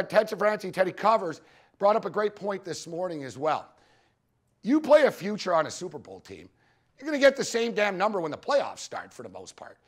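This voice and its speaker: A man with a high-pitched voice presenting at a conference, spinning loose, profane stories about betting and hammering points home with repetition. He talks in a casual, animated way to a live room. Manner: profane, storytelling, punchy repetitions. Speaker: sports betting show host giving a conference talk.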